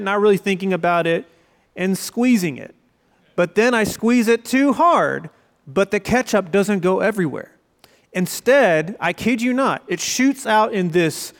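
A young man preaching a sermon as pastor, conversational and storytelling, with quoted asides. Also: sits high. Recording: long reverb of a large hall.

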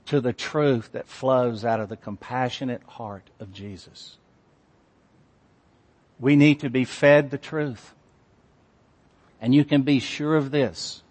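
A man preaching a sermon as pastor, reading scripture and driving his points home with emphatic, measured phrasing. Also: mid-range voice. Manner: slow, emphatic preaching with long pauses and rising intensity. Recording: long hall reverb.

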